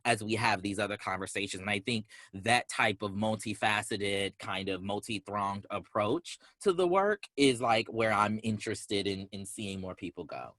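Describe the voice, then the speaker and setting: A bright, forceful male voice in a very dry sound. He makes earnest points in a casual panel discussion, talking fast and often restarting his sentences. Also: on the low side, no room sound. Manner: earnest, quick, with many restarts.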